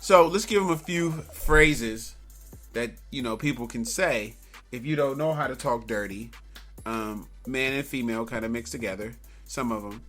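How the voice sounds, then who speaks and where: A man's voice: medium pitch, normal speed, a bit bright, soft background music. A man co-hosting a casual podcast chat, laid-back and laughing often. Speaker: podcast co-host.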